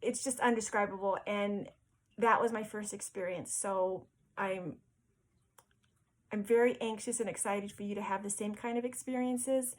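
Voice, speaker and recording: A woman's voice: medium pitch, fairly even intonation, moderate pace, poor audio. A woman vlogger and spiritual medium telling a personal story to camera, earnest and heartfelt, often stumbling over repeated words.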